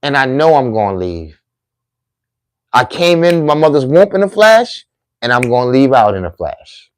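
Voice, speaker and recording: A man's voice: medium pitch, very animated, normal speed, clean tone, dry recording. Middle-aged man, preachy and emphatic, repetitive phrasing, dry close recording. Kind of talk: heartfelt monologue to viewers.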